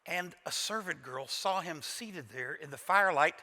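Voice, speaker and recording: A man's voice: on the high side, lively intonation, normal speed, sharp tone. A man from Kentucky preaching a sermon as pastor, retelling the scene dramatically with folksy humor. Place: large church auditorium. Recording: reverberant church hall.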